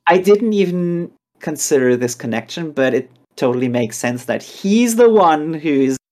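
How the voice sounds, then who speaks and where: A podcast co-host recaps a chapter in casual conversation, speaking at a medium pitch. She's animated, acting out the characters in quick voices.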